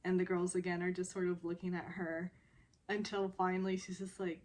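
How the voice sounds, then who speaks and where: A woman's voice: lowish voice, little pitch movement, a little fast, a little mellow, a little hiss or hum. A woman casually recapping a television drama episode, rambling with many fillers and often breaking into laughter.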